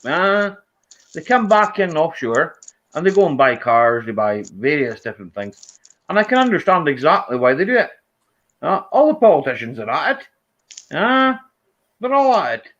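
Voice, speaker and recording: Lively Scottish man chatting casually. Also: a little high, moderate pace. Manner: animated, rambling, restarts often. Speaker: livestream host. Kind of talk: casual pub chat. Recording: dull lo-fi stream audio.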